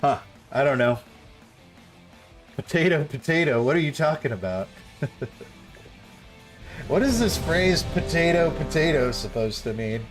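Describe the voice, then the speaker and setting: A man's voice: medium pitch, sing-song, measured pace, pauses often, faint music behind. A young man streaming a game, chatting casually in a laid-back, rambling way full of slang. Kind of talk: casual gameplay chat.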